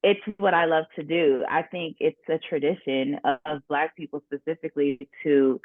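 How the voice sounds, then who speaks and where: A young woman actress telling stories about herself in a casual, animated interview. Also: sits low, moderate pace, dry recording. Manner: animated, laughing storyteller. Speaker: actress guest. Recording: dry tinny phone-like line.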